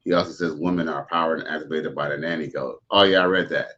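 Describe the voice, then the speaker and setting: A man's voice: rumbling low, fairly even intonation, fast talker, a bit bright, lo-fi sound, slight background noise. A man hosting a livestream, giving blunt, preachy commentary in a drawling way. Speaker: streamer host.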